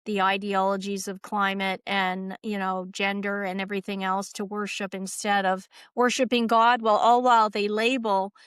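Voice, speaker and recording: A woman from Canada speaks as a guest in a casual interview. Her voice is smooth and clear, and the sound is dry and close. She talks in long, rambling runs, leans hard on key words and fills gaps with little verbal fillers. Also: medium pitch, level tone, moderate pace, few pauses, a bit bright, no echo. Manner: rambling and emphatic, heavy on fillers.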